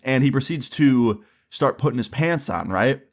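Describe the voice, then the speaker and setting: A man's voice: medium pitch, expressive, moderate pace. Rambling young man telling a story. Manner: rambling, many fillers and asides, swears freely. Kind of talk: casual storytime.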